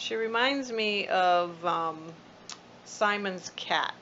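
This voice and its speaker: A woman with a gravelly edge and a sharp, bright tone, rambling through a casual home vlog. She chats on at an easy pace and slips into cooing whenever she talks to her cats. The recording is dull and lo-fi, with a faint hiss behind it. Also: lowish voice, unhurried. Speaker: vlogger. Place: backyard outdoors and at home.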